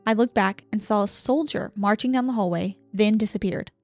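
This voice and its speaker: A young adult woman co-hosting a podcast, calmly reading listener stories aloud and chatting. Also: mid-range voice, a little fast, faint music behind. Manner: calm, reserved reader, laughs easily.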